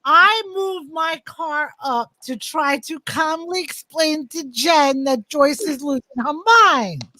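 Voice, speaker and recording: High bright woman telling a wild story w/ friends, swears a lot, does everybody's voices. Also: takes it slowly, few pauses, slight background noise, low-quality recording. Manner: crude, lively, acts out quotes with voices. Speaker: podcast host telling a story. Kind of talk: animated storytelling among friends.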